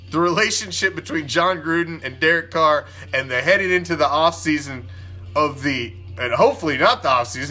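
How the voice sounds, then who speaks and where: A man's voice: a little high, sharp tone. A man delivering a heated, profane sports opinion rant, emphatic and blunt. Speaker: sports talk commentator.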